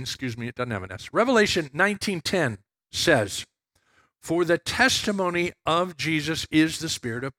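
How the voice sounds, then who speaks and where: A man's voice: a little high, no echo. A man preaching a sermon, moving between scripture teaching and a personal story, acting out the voices of the people in it. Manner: lively, acts out quoted voices in his stories. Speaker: pastor.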